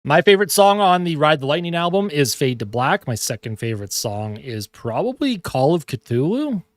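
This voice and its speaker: A young man giving casual live hockey play-by-play from his home, excitable and chatty. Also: fairly high pitch, normal speed, dry recording, clean studio sound. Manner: excitable calls that break off to coo at his cat. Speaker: fan streamer doing live play-by-play. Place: home room at his monitor.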